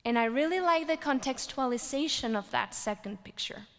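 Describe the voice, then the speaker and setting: High-voiced woman preaching in a reverberant hall. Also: moderate pace. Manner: animated storytelling, rising to loud exclaims and dropping to whispers. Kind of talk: sermon.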